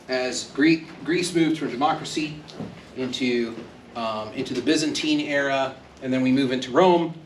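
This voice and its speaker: A man teaching a university class in a loose, joking way, slipping into little quoted voices. His voice sits a bit high for a man, and it sounds echoey, picked up from across the room. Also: fairly bright tone, a little hiss or hum. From Texas. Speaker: university lecturer. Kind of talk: classroom lecture. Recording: echoey classroom, speaker far from mic.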